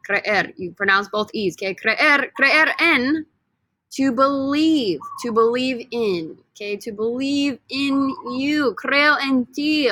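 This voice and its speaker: A woman's voice: on the high side, sharp tone, dry recording. A woman teaching a Spanish vocabulary lesson with repeat-after-me drills, playful and upbeat, joking with her students.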